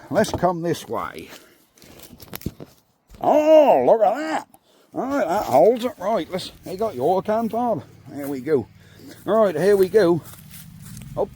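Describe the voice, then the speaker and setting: Chatty man with a lively voice. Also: high voice, a little hiss or hum. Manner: chatty, cheerful, talks to viewers. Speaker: vlogger. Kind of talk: casual chat to camera. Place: outdoor farm yard. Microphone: phone propped up.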